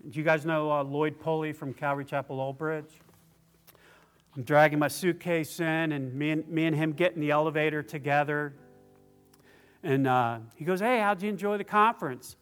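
A man delivers a testimony sermon in a church service, choked up and tearful. He speaks in halting bursts, restarting his sentences, in a voice pitched a little above most men's. Soft instrumental music plays faintly behind him. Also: steady tone, clear, resonant tone. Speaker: preacher.

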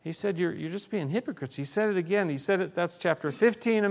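A man's voice: sits high, quick pace, few pauses. A man preaching a sermon as pastor, earnest, reading scripture aloud and often restarting his phrases.

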